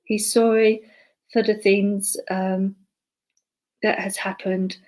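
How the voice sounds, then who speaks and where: Woman, spiritualist medium giving live online readings; hesitant, lots of fillers and restarts, murmurs quietly to herself between messages. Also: medium pitch, flat delivery, slow, poor audio. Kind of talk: live online clairvoyance demonstration.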